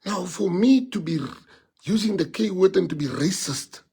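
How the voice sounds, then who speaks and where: A middle-aged South African man, a politician, making an impassioned public statement with repeated rhetorical questions, his voice climbing high and loud with emotion. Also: expressive, brisk, gravelly, breathy edge.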